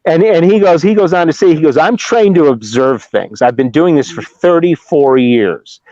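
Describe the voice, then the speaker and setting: A middle-aged man from Ohio tells a long story casually, circling back and acting out quotes as he goes. His voice sits a little high for a man. The sound is dull and lo-fi, with no room echo at all. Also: normal speed, dark tone. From Ohio, USA. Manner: rambling, with restarts and acted-out quotes. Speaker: Bigfoot researcher guest. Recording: dull lo-fi dry remote audio.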